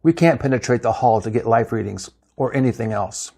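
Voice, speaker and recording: A man's voice: medium pitch, a little fast, gravelly, mellow, slightly rough. A man voicing a plain, factual male helm officer, in a read-aloud story.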